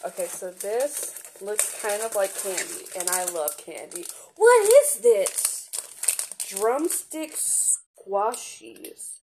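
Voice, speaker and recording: A young woman unboxing gifts in a vlog, gushing and excitable, gasping and giggling as she talks. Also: medium pitch, takes it slowly, slight background noise. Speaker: vlogger opening gifts.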